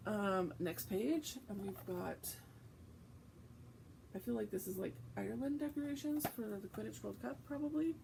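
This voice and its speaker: A woman's voice: medium pitch, measured pace, gravelly, warm tone, slight background noise, low-quality recording. A woman hosting a casual vlog, reading aloud from a book and chatting, with frequent fillers and self-corrections. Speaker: host.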